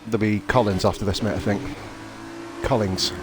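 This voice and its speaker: A man giving chatty, excitable live commentary on a sim racing league, calling his co-host "mate". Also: on the low side, brisk. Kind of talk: live casual race commentary. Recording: loud game car noise behind.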